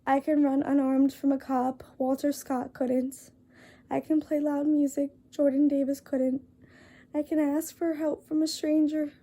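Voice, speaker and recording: Young woman, earnest vlog talk; high, mellow, gravelly tone, halting and apologetic. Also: level tone. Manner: apologetic, halting, many fillers and restarts; reads a list aloud. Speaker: vlogger. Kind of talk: earnest casual talk to camera.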